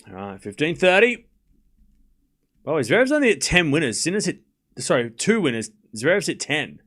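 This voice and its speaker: A man's voice: on the high side, big pitch swings, normal speed, a bit bright. A man hosting a live tennis watchalong stream, calling the score and shots in a casual play-by-play while chatting with viewers and thanking supporters. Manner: playfully scolds chat.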